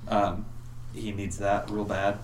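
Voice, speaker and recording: A man's voice: on the low side, level tone, slow, a little hiss or hum. A man playing a tabletop game, casual and joking. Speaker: player. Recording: echoey room with faint ambience.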